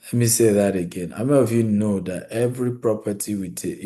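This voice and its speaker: Man, low warm voice, live webinar host, chatty and repetitive. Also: a little fast. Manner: conversational, repeats key points, addresses viewers directly. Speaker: real estate webinar host.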